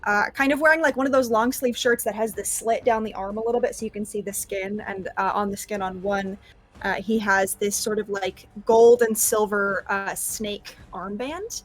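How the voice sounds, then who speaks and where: A woman's voice: mid-range voice, steady tone, moderate pace. A woman player describing her character at length in a casual tabletop game, with many fillers.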